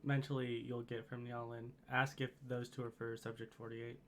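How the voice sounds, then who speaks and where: A man's voice: mid-range voice, little pitch movement, moderate pace, slight background noise. A man playing a tabletop game, making brief, laid-back remarks. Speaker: player. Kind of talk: casual tabletop play.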